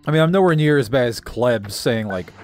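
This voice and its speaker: A man co-hosting a casual gaming video, chatty and quick to yell at the game as he plays. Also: mid-range voice, lively intonation, soft background music. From American South. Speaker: co-host playing a video game.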